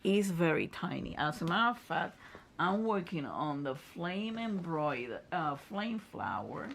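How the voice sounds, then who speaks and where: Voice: medium pitch, sing-song, unhurried, creaky, fairly bright tone, a little hiss or hum. A crafter and channel host giving a casual review and tutorial, chatty and explanatory, often restarting phrases mid-sentence while showing materials to the camera.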